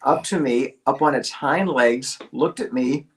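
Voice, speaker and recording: Middle-aged male voice actor, guest on a video call, middle pitch, lively storyteller who acts out every quote. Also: a little slow. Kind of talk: casual anecdote on a video call.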